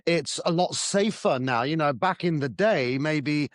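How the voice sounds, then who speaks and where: A man co-hosting a relaxed podcast, his voice sitting a bit high. He talks chattily and softens his views with hedges. The recording is dry and close. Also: a little slow, no echo. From southern England. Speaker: podcast co-host. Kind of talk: casual chat.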